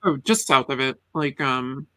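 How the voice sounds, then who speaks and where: A middle-aged man from the Boston area hosting a casual live chat, laid-back, pausing on ums and chuckling often. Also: mid-range voice, sharp tone.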